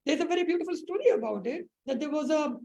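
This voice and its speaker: High, gravelly-voiced meditation teacher woman. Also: lively intonation, fast, warm tone, low-quality recording. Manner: storytelling with many fillers and restarts. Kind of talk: spiritual teaching story on a support call.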